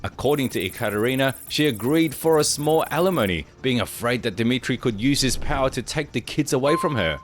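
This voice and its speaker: A man's voice: medium pitch, a little fast, few pauses, soft background music. Man reading a formal documentary script. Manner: even, formal read-out delivery. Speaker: narrator.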